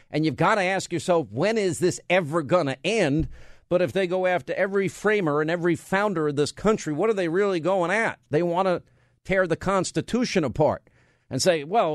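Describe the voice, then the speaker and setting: A man's voice: on the high side, dry recording. A man hosting a talk radio show, firing off rhetorical questions and bantering with his studio crew. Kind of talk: conservative talk radio monologue. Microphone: studio mic.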